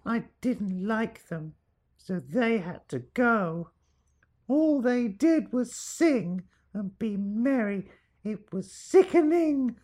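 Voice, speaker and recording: A creepy little ghost girl reads out a sinister note, voiced by a woman. She draws the words out slow and sing-song, pitched up high above a speaking voice, and she sounds a little distant. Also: lively intonation, warm tone. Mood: eerie.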